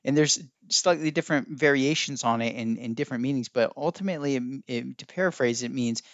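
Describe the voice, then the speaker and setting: A podcast host with a mid-range voice talks a little fast, rambling and musing casually and breaking off to look things up as he goes. The recording is dry and dull.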